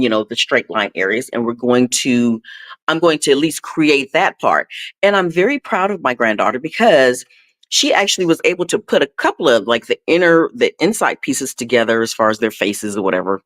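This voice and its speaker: Rambling older woman telling a story. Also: a bit bright. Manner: rambling, digressive, acts out quotes with rising pitch. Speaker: traveling pet sitter, guest. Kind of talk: casual live chat storytelling.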